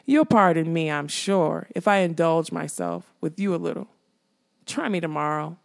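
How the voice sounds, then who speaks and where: A woman reading an audiobook, voicing a mocking dead male skull that guards a castle, in a slow teasing drawl. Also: low voice, gravelly.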